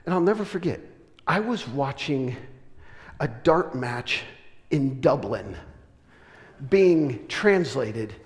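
A middle-aged man from the US West Coast, preaching a sermon and telling a personal story with animated, self-deprecating humor. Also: medium pitch, slow, long pauses. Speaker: pastor. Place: church sanctuary. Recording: long reverb of a large church hall.

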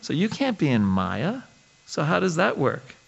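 A sweet, innocent young woman, put on by a man who lifts his voice well above its usual pitch, asking her teacher eager, earnest questions. The voice keeps a faint gravelly edge underneath the innocence. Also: huge pitch swings, a little slow, muffled recording, heavily acted. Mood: earnest questioning.

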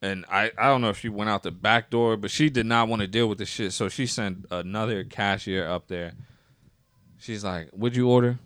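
A man with a lowish voice tells a story in casual, profanity-heavy chat. He gets animated and acts out other people's lines. The recording is dry and close. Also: a little fast, hardly any pauses, no room sound.

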